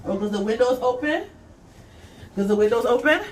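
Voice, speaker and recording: A woman's voice: fairly high pitch, normal speed, slight background noise. A young woman vlogging casually while she cleans, rambling and chatty, talking to a child off camera and reading comments aloud.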